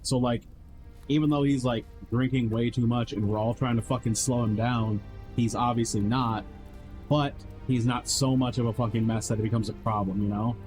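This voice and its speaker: A man's voice: mid-range voice, fairly even intonation, normal speed, a little mellow, soft background music, rough recording. A man streamer telling a long, rambling story in casual chat, heavy on swearing and filler words, acting out what others said. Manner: rambling, profane, lots of fillers and quoted voices.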